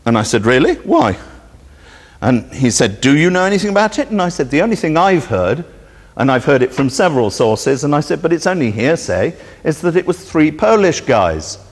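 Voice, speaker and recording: Sardonic man, lively voice, echoing hall. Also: fairly high pitch, normal speed, breathy edge. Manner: sardonic, indignant storytelling that acts out both sides of a dialogue. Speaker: speaker at a public presentation. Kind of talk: anecdotal public talk. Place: meeting hall. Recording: reverberant hall recording.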